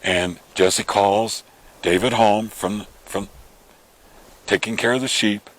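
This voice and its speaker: Low-voiced man preaching a story. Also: slow. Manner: animated retelling, acts out quoted voices. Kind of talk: storytelling sermon.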